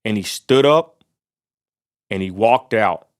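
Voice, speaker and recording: A man's voice: lowish voice, lively intonation, takes it slowly, clean tone. A man from Texas delivering an angry, fired-up vlog rant, preacher-like and full of Southern turns of phrase. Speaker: vlogger. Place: outdoors near a roadside lot.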